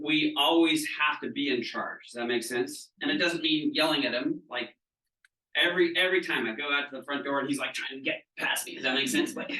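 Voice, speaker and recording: A man's voice: medium pitch, bright, forceful tone, recorded from a distance. A middle-aged man leading a wellness training session to an audience, chatty and casual, often asking whether his listeners follow. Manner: casual, frequent checking questions. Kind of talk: live seminar talk. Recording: echoey room, voice from off mic.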